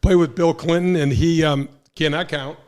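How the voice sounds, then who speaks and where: A man in his sixties from St. Louis, Missouri, hosting a casual chat and telling animated anecdotes with acted-out quotes and frequent restarts. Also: fairly high pitch, moderate pace. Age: 60s. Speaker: host, former pro golfer.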